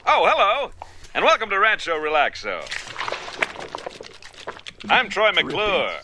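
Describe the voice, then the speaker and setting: A man voicing a smooth, cheesy has-been actor in a cartoon, delivering slick showbiz sales patter. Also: high voice, huge pitch swings, slow pace, noisy background, full character voice. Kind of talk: cartoon voice acting.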